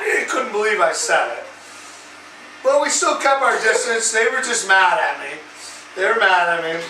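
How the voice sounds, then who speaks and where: A man hosts his own drinking vlog, swearing his way through a rambling, animated bar story. His voice sits high and sounds bright and sharp. It is recorded in a roomy, echoey space with faint background noise. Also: recorded from a distance. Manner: profane, rambling, animated retelling. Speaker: vlog host. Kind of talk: crude storytelling over drinks.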